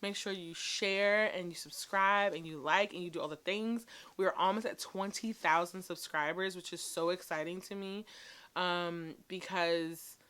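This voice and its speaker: A woman's voice: on the low side, a bit bright. A woman in her thirties chatting casually to camera as a beauty vlogger, emotional and full of ums and likes.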